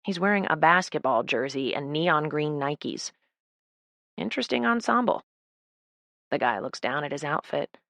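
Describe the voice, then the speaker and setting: A woman's voice: low-pitched, normal speed, fairly bright tone, no echo. A woman narrating a novel in the first person as an audiobook, with a dry, wry delivery.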